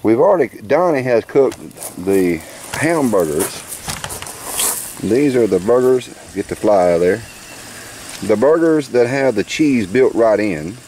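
A man's voice: medium pitch, lively intonation, measured pace, warm tone, a little hiss or hum. Folksy man hamming it up outdoors. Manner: folksy, jokey, hammy food presenting. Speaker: vlogger filming a campout. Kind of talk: casual show-and-tell narration to camera. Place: outdoor campsite.

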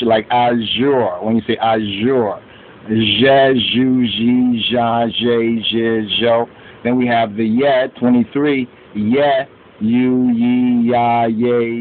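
A man leads an alphabet lesson, reciting syllables one by one at an unhurried pace. His voice comes through thin and phone-like. A faint hiss sits underneath. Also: mid-range voice. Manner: slow, chanting drills of syllables with asides. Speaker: language teacher.

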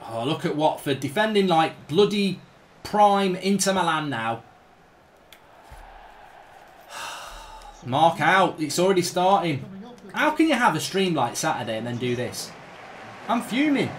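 A man's voice: fairly high pitch, big pitch swings, unhurried, pauses often, slight background noise. A man commenting live on his own gameplay, ranting and swearing in exasperated outbursts. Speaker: gaming streamer.

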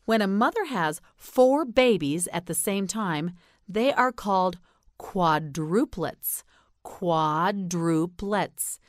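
A woman with an American accent teaching English pronunciation, slowly enunciating and repeating words for learners to say back. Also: mid-range voice, animated, no room sound, studio quality. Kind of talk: slow drilled vocabulary lesson.

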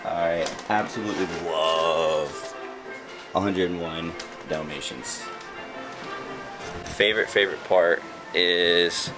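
A man's voice: sits low, slow pace, long pauses, music in the background. A man chatting playfully while vlogging a family theme park day. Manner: playful, jokey. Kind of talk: casual family vlog chat.

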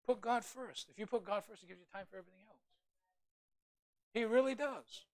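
A man, a pastor, preaching a sermon in an animated way with humorous asides to the congregation. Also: extremely high pitch, fairly quick.

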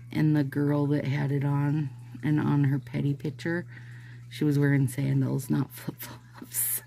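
Woman nail vlogger, low and husky with fry, slow rambling chat to viewers. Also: mellow, a little hiss or hum. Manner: rambling, chatty, addresses viewers as "you guys". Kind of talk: casual chat while doing a manicure.

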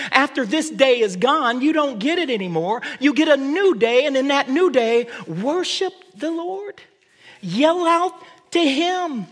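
A man preaching a sermon as pastor, with a high voice, often restarting his phrases. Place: church sanctuary. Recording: long church reverb.

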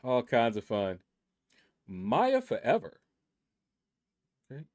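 A man's voice: medium pitch, huge pitch swings, takes it slowly, a little mellow. Laid-back male gaming channel host. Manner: laid-back and rambling, with many asides. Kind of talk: casual commentary reading a leaderboard.

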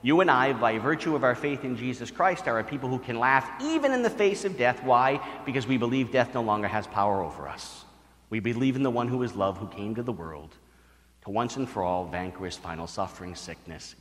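A middle-aged priest, giving a retreat talk full of stories and playful acted-out voices. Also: male voice, mid-range voice. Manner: animated storyteller, acts out voices. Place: church. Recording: church hall reverb.

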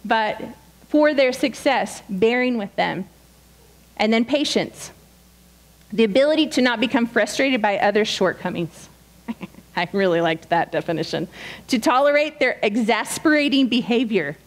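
A woman's voice: fairly high pitch, expressive, measured pace, poor audio. A woman giving a sermon at a women's retreat, earnest and direct, teaching with quoted asides. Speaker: retreat speaker. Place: retreat session hall.

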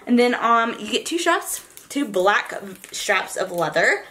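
A young woman vlogger gushing and rambling excitedly about her shopping haul, with many fillers and asides. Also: a little high, measured pace, a little hiss or hum. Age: young adult. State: college freshman. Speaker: beauty vlogger. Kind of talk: casual haul vlog.

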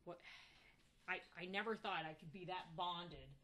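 A woman telling stories about her dog in a casual interview, halting with many restarts. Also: lowish voice, noisy background. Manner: halting, many restarts, animated when mimicking.

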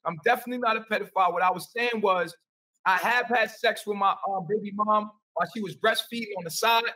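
A man's voice: high-pitched, fast, sharp tone, far from the mic, poor audio. A man answering questions on a call, rambling and repeating himself defensively. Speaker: interview guest.

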